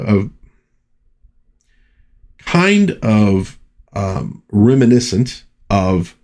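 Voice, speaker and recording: An American man with a lowish, creaky, darkish voice reviews vintage comics as casual commentary. He's chatty and rambling, full of asides and restarts.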